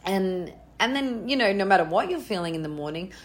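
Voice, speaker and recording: A middle-aged woman talking as an interview guest about spiritual practice, earnest and soft-spoken, slowing down to stress her points. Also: mid-range voice, animated, crowd noise. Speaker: interview guest, tantra teacher. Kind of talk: casual spiritual conversation. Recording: faint background noise.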